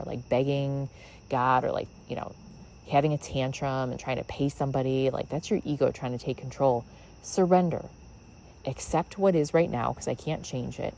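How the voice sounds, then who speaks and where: Very low-voiced woman musing in her backyard. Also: mellow, a little hiss or hum, poor audio. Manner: musing, rambling with many fillers. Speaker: podcast host. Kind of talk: reflective spiritual monologue. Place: outdoors in a backyard.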